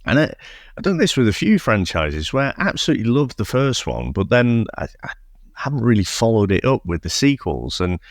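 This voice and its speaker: A man's voice: medium pitch, very animated, fairly quick, dry recording, studio quality. A man co-hosting a casual film podcast, talking with enthusiasm, laughing often and swearing freely. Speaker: podcast co-host. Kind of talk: casual chat.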